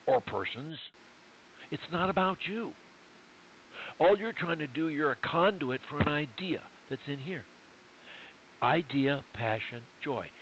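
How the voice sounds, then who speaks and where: A man with a somewhat high-pitched voice coaches a student one-on-one. He speaks in short, emphatic units and repeats his main points for weight. The recording is dull and lo-fi, with a faint hiss underneath. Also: a bit bright. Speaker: speech coach.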